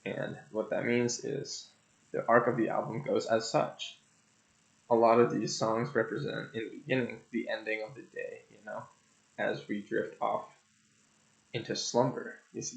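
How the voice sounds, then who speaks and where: Gravelly rambling young guy reviewing albums. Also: on the low side, flat delivery, a little slow. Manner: rambling, profane, jokey and loose. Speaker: music reviewer. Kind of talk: casual album review monologue. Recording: echoey room, dull lo-fi sound.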